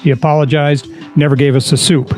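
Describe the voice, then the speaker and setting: A man's voice: on the high side, flat delivery, a little fast, a little mellow, faint music behind. Easygoing male co-host telling stories. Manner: easygoing storyteller, reads posts aloud with fillers. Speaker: podcast co-host. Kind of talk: casual podcast chat.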